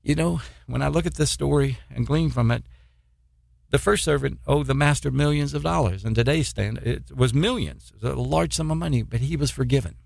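A man preaching a sermon, reading scripture and explaining it in a halting way, with repeated words and fillers. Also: medium pitch, creaky, darkish tone, dry recording, studio quality.

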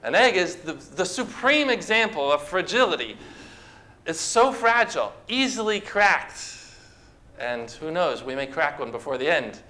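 A man's voice: fairly high pitch, big pitch swings, a little slow, bright, forceful tone. A man preaching a sermon to a congregation, talking conversationally and asking the people questions. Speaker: pastor. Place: church with a congregation.

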